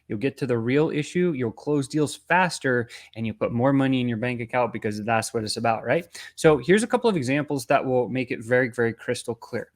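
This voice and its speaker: A man's voice: medium pitch, fairly quick, few pauses. A man giving an instructional sales-coaching talk in a conversational way, often tagging his points with "right?".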